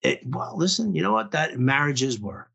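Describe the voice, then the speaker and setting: Co-host, high bright male voice, rambling casual chat with lots of fillers. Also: animated, moderate pace, creaky, breathy edge, dull audio.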